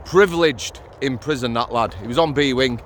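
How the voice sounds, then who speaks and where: A man's voice: mid-range voice, normal speed, slight background noise. Blunt sweary man. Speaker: former prison officer, channel host. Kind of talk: casual vlog storytelling.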